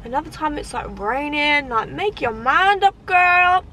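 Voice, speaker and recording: Young girl vlogging outside, tired and rambly, kinda high voice, faint background noise. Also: expressive, a little slow, pushed and bright. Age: 20s. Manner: chatty, rambling, many fillers. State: tired, yawning. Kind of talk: casual vlog chat to camera. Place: outdoors at a shopping area.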